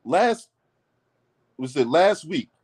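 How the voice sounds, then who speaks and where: A man's voice: on the high side, sing-song, slow pace, breathy edge. A man hosting his own political commentary channel, delivering a blunt, mocking rant full of swearing. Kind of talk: profane heated commentary rant.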